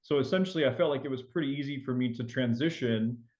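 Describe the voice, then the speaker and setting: A man's voice: mid-range voice, quick pace, a little mellow, lo-fi sound. Chatty French-raised man, faint accent. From France. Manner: chatty, many fillers and restarts. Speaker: loan officer, podcast guest. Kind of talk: casual interview chat.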